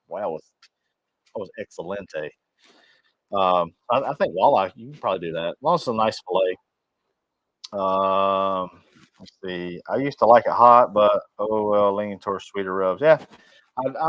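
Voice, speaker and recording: A man with a fairly low voice chats casually on a livestream, reading out viewer comments and answering each in a rambling, friendly way. The sound is dry and a little muffled, like stream audio. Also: dry recording. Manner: reads viewer comments aloud and answers them; rambling and friendly, with frequent restarts. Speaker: cooking channel host.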